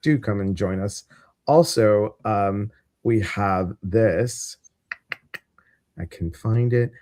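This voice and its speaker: Speaking slowly in a lowish, slightly mellow voice, a male host with a Midwestern accent rambles through a casual live stream, full of fillers. The sound is clean studio audio with no room sound.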